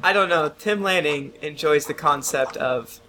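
A man at a tabletop game session chats casually, rambling and restarting his thoughts. His voice sits mid-pitch and sounds bright, with faint noise behind it. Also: moderate pace. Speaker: tabletop player. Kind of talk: casual chat.

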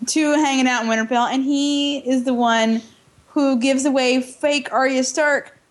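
A woman co-hosting a casual podcast chat, lively and laughing often. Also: high voice, a little slow.

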